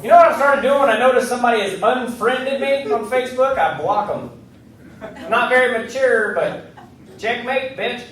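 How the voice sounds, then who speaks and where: A man's voice: extremely high pitch, moderate pace, noisy background. A man doing a stand-up comedy set on a club stage, with a brash, punchy delivery and voices for the people he quotes. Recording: roomy club recording from a distance with crowd. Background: audience laughter.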